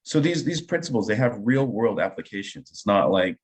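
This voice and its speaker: A man with a fairly low voice talks in a relaxed interview, speaking as an improv teacher. He is middle-aged and enthusiastic, and he builds his points through personal stories. He keeps checking in with "right?" as he goes. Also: brisk. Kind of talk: conversational interview storytelling.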